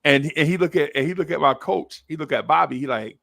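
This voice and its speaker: A man's voice: a little high, fast, vocal fry, fairly bright tone, no echo, clean studio sound. A man telling a story in casual chat, acting out voices and laughing often as he goes. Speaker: podcast co-host telling a story.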